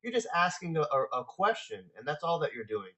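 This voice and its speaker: A man hosting a talk, relaxed and casual, answering viewer questions on sales with frequent fillers and restarts. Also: a little high, brisk.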